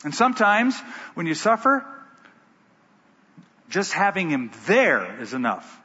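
A man's voice: high-pitched, huge pitch swings, takes it slowly, pushed and bright, breathy edge. A man preaching a sermon who tells stories with emphatic delivery. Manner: storytelling, emphatic. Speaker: pastor. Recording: dull, echoey hall.

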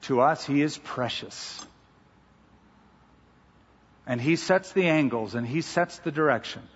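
Pastor, male, husky, emphatic storytelling, dull recording with long hall reverb. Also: a little high, a little slow. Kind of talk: sermon.

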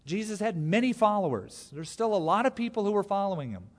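A man preaching a sermon with a slightly high voice that carries a long hall reverb. He preaches with animation, throwing himself into quoted voices. It sounds like a church sanctuary. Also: very animated, brisk. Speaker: pastor.

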